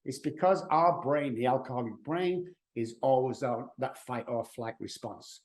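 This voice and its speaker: A middle-aged man, an addiction expert, speaking as a podcast guest in an emphatic, animated way, acting out quotes as he explains. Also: medium pitch, moderate pace. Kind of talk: conversational podcast interview.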